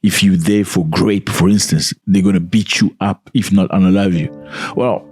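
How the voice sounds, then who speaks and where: A man's voice: sits low, fairly even intonation, moderate pace, darkish tone, husky, faint music behind. A man giving casual video commentary, speaking conversationally and often putting questions to the viewer.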